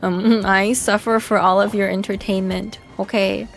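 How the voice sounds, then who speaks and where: A woman's voice: mid-range voice, little pitch movement, normal speed, vocal fry, faint music behind. Frank young woman streamer chatting. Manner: frank, crude, laughing, self-mocking. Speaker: vtuber streamer. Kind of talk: casual livestream chat reading comments.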